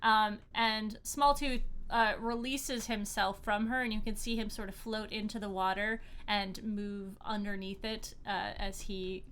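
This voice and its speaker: A woman acting as game master, narrating a tabletop game with many pauses and fillers. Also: mid-range voice, steady tone, fairly bright tone, slight background noise. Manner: hesitant, many fillers and restarts.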